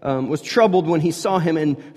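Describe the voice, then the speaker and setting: A man's voice: fairly high pitch, moderate pace, a little mellow. A man preaching a sermon, reading scripture aloud and then explaining it in a casual, conversational way with asides and fillers. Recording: long reverb of large hall.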